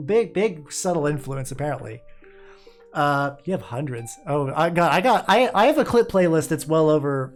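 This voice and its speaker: A VTuber streamer chatting casually while painting, rambling, restarting sentences and trailing off into mumbles. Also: mid-range voice. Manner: quick restarts and repeated words. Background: faint music playing.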